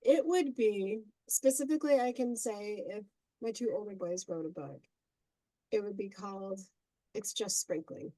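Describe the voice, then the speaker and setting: A middle-aged woman, a podcast guest, telling family stories in a casual, animated way with frequent laughter. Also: medium pitch, normal speed, dry recording, low-quality recording. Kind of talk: casual storytelling.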